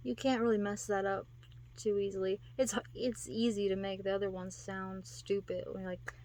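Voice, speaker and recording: A woman's voice: medium pitch, flat delivery, moderate pace, darkish tone. A woman talking casually to her viewers, rambling and giggling, acting out quotes in put-on voices. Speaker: vlogger. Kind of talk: casual monologue to camera.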